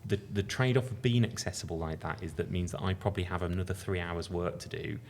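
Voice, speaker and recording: Gravelly-voiced man with a Birmingham accent. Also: sits low, quick pace, slight background noise. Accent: Birmingham English. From England. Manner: relaxed, thinks aloud with fillers and restarts. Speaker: company founder being interviewed. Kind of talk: casual podcast conversation.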